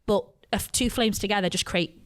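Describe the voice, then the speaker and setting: A woman's voice: mid-range voice, normal speed. A woman co-hosting a podcast, explaining things in chatty casual talk. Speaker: podcast co-host. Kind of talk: casual chat.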